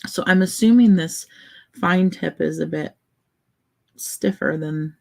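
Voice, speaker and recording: A woman vlogger chatting in a relaxed, meandering way, thinking aloud while she colors. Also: on the low side, takes it slowly, vocal fry, low-quality recording.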